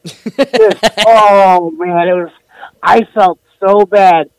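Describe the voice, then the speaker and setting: A man's voice: high-pitched, fairly even intonation, very slow, smooth, no echo, rough recording. A man co-hosting a podcast from his bed, telling a crude story full of swearing. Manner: profane, mock-outraged. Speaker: podcast co-host. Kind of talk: casual crude chat. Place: in bed, remote from studio.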